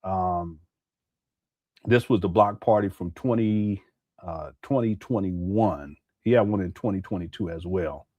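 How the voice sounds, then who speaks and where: A man's voice: low-pitched, a little slow, darkish tone, no echo. A man commenting casually on a live stream, laughing often and mocking what he plays.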